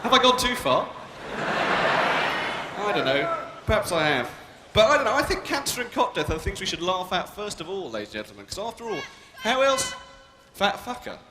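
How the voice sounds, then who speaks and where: A man's voice: high voice, sing-song, moderate pace, pauses often. A young British man doing live stand-up comedy, cheeky and provocative as he banters with the crowd. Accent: British English. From Britain. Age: young adult. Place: large arena stage with a live audience. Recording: echoey arena with long reverb and crowd noise.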